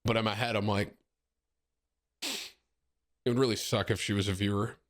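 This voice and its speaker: A man's voice: fairly low pitch, steady tone, normal speed. A man in his thirties, a streamer chatting casually with his viewers and telling a rambling, joking story full of slang. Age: 30s.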